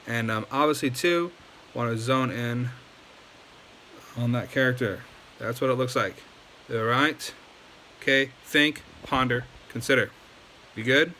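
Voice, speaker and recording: A man's voice: medium pitch, a little slow, long pauses, pushed and bright, slight background noise. Chatty man teaching casually. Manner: loose and chatty, many ums and likes. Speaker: language teacher. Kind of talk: casual video lesson.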